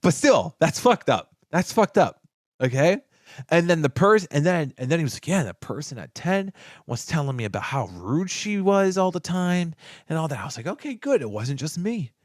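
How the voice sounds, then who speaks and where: A male co-host on a podcast tells a story at a moderate pace in casual, profane chat. He's animated, acting out quoted lines with sharp pitch jumps, heard on a dry recording with clean studio sound.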